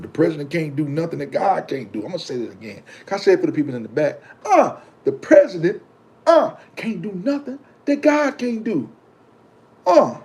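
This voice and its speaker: Mellow-voiced man preaching to viewers. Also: fairly high pitch. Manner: emphatic and repetitive, preaching; casual slang, talks back to commenters. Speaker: vlogger. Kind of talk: casual preachy monologue to viewers.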